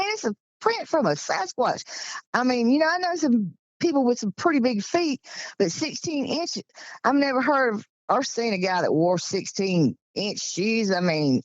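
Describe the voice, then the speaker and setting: A Georgia woman in her sixties with a Southern accent, excitedly telling a story as an interview guest. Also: medium pitch, no room sound, muffled recording. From Georgia, USA. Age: 60s. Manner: animated, breathless retelling with exclamations. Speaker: guest telling encounter stories. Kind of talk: casual storytelling.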